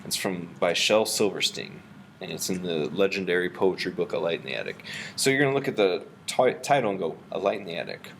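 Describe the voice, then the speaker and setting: A man teaching a reading lesson, explaining and reading a poem aloud with an expressive voice. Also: low-pitched, fairly quick, vocal fry, a little hiss or hum. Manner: animated, reads aloud with a rising expressive voice.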